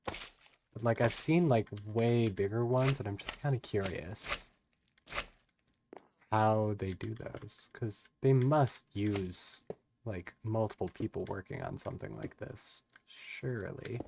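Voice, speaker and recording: A man's voice: lowish voice, slow, vocal fry, background noise. A man casually chatting on his live stream as he plays, in a rambling, laid-back way with lots of filler words. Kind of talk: casual live-stream chat while gaming.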